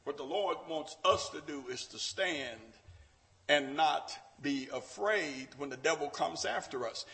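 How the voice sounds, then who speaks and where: A man preaching a Bible class sermon, dramatic, acting out quotes and swinging from shouts down to low, quiet lines. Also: a little slow, creaky, rough recording.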